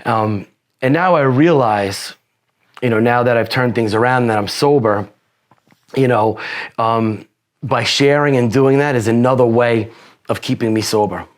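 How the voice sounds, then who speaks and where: A man's voice: mid-range voice, unhurried. A man casually telling his life story as a guest, swearing a lot and saying "you know" constantly. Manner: profane, rambling, peppered with "you know". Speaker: podcast guest.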